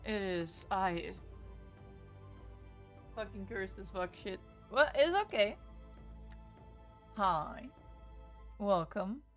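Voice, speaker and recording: A woman's voice: mid-range voice, expressive, extremely slow, long pauses, faint music behind. A young woman hosting a casual book livestream, chatty and swearing freely as she greets her viewers. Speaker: book streamer.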